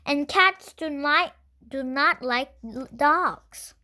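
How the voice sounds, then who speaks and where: A woman's voice: sits high, slow, sharp tone, a little hiss or hum, pitched above the performer's own voice, exaggerated voice. A woman voicing a scared little female cat in a children's storybook, squealing and anxious. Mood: worried.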